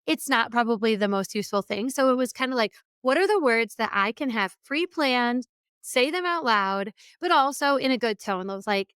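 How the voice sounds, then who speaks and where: Smooth-voiced woman podcast host. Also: fairly high pitch, expressive, moderate pace, fairly bright tone, dry recording, clean studio sound. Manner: conversational, acts out quoted remarks. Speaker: podcast host and keynote speaker. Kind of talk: motivational podcast monologue.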